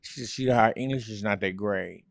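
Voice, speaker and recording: An older man, a guest chatting casually in a relaxed, halting way with many fillers. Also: fairly low pitch, vocal fry, no room sound, studio quality. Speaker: guest, host's uncle. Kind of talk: casual chat.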